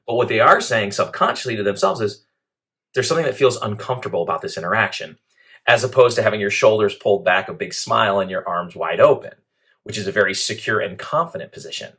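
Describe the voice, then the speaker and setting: A man teaching a leadership training lesson, methodical and clear, laying out his points one after another. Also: lowish voice, animated, fast, fairly bright tone. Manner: clear, methodical, speaks in lists.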